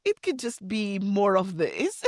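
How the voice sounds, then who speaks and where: A woman's voice: mid-range voice, sing-song, a little slow, dry recording, studio quality. A woman co-hosting a podcast in casual chat, agreeing eagerly and swearing casually. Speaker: podcast co-host.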